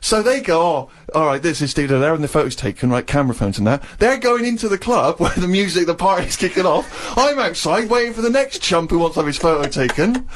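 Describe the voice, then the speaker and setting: A man's voice: on the high side, expressive, brisk, few pauses. A man telling a self-deprecating story on a radio show. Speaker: radio co-host. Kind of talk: casual radio banter, anecdote.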